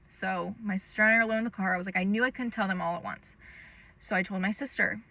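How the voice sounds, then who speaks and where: A woman's voice: mid-range voice, steady tone, fast talker, vocal fry, bright, forceful tone. A young adult woman telling a personal story in a casual storytime monologue, chatty and full of "um" and "like". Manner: chatty, lots of "um" and "like". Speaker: storytime creator.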